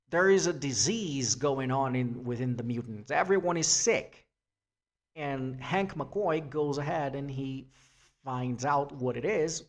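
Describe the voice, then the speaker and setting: A man giving a free-form spoken essay, rambling with restarts and casual swearing. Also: mid-range voice. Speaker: essay vlogger.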